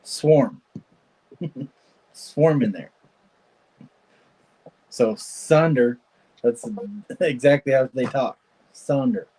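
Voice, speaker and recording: A man's voice: mid-range voice, very slow, pauses often, dark tone, husky, poor audio. A man from California with a Californian accent, hosting a livestream and chatting casually, laughing often as he tells jokey stories. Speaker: livestream host. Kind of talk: casual chat while wrenching.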